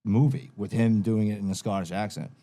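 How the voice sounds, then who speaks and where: A man's voice: lowish voice, steady tone, fairly quick, warm tone. A man chatting on a podcast in laid-back, profane banter with friends. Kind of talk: casual chat.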